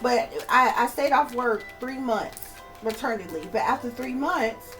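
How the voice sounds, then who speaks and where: A woman with a fairly high voice rants straight to her viewers, swearing freely and hammering her points with repetition. She keeps turning to her audience as y'all. Faint music plays behind her. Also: moderate pace, low-quality recording. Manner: profane, emphatic, repetitive, addresses viewers as y'all. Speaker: channel host and psychic reader. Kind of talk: casual rant to camera.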